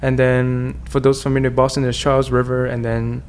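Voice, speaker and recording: Gravelly man. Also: medium pitch, monotone, a little fast, a little hiss or hum. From China. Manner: earnest, candid, with frequent restarts. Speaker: podcast guest. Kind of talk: personal storytelling in conversation.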